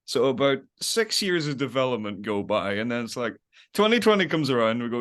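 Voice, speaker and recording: A man's voice: mid-range voice, very animated, brisk, a bit bright. A young man as a podcast guest, rambling in casual chat, laughing often and acting out little quotes. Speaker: podcast guest, web series creator.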